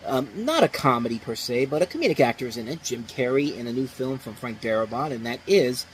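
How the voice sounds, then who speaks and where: A male movie reviewer talking off the cuff at a middle pitch, full of excitement. His voice swings up and down a lot as he rambles, restarts his sentences and breaks into laughs. A faint hiss sits under his voice. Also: brisk, rough recording. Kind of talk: casual spoken review.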